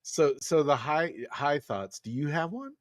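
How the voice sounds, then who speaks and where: A man's voice: fairly high pitch, lively intonation, measured pace, no echo, studio quality. A man co-hosting a podcast, telling stories in an easygoing, casual way. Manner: laughing often, storytelling, easygoing. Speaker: podcast co-host. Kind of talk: casual chat.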